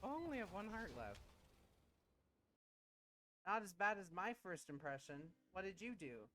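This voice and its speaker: A woman streaming a game live, laughing often, swearing and reacting loudly in casual commentary. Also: mid-range voice, very animated, normal speed, over music.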